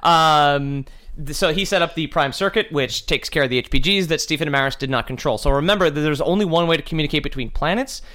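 A man's voice: fairly high pitch, fast talker, sharp tone. A man on a casual podcast, rambling through game lore with lots of fillers and restarts, swearing now and then. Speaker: podcast co-host telling lore.

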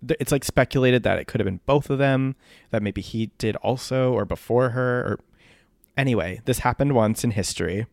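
A man's voice: on the low side, gravelly, a little mellow, dry recording, clean studio sound. A man co-hosting a podcast, gossiping in a laid-back way and trailing off with fillers. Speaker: podcast co-host. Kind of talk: casual chat.

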